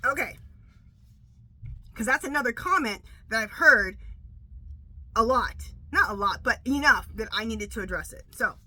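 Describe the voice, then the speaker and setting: A middle-aged woman reading tarot, chatting casually and telling stories with an animated, emphatic delivery that keeps checking in with "okay?". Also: fairly high pitch, normal speed, long pauses, slightly rough, low-quality recording. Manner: animated storytelling, repeats "okay?". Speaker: tarot reader. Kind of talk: casual chat.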